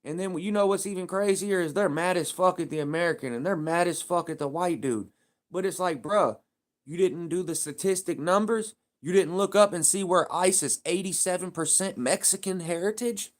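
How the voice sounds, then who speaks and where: A man's voice: high voice, moderate pace. A man live streaming, talking in a casual, heated and profane rambling rant.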